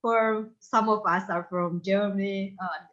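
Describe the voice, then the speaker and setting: A woman's voice: medium pitch, fairly even intonation, unhurried, fairly bright tone. A woman, a faculty member speaking playfully on a video call. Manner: playful, teasing. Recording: dull lo-fi call audio.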